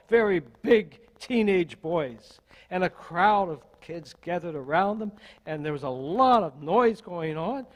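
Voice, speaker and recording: Older man, minister, sermon, deliberate rhetorical delivery, high-pitched, slow. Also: rough recording. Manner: measured, deliberate preaching with repeated rhetorical questions. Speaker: associate minister.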